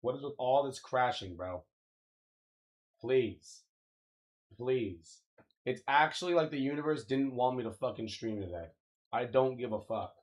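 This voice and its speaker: A young man chatting casually on a live stream, slangy and swearing, venting about lag and reacting with drawn-out "wow"s. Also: medium pitch, animated. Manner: loose, slangy, swears often, exclaims "wow" a lot; frustrated, ranting about lag.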